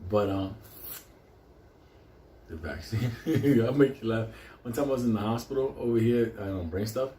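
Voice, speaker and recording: A man's voice: medium pitch, normal speed, long pauses, warm tone, slight background noise. Man ranting, swearing, in an echoey room. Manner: profanity-laden, rambling, drifting off and restarting. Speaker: vlogger. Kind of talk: profane rambling rant. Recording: roomy echo, faint ambience.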